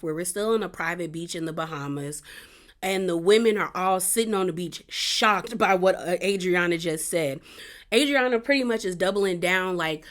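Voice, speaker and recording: A woman in a casual vlog, recapping a reality show episode in a chatty, conversational way. She leans on "like" and small asides. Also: fairly low pitch. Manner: chatty, peppered with "like", acts out quotes.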